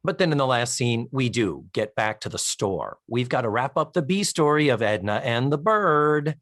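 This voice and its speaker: Animated man recapping a sitcom. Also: mid-range voice, normal speed, no echo, clean studio sound. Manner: animated storytelling, acts out lines from the episode; swears for comic effect. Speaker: podcast co-host. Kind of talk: casual recap chat.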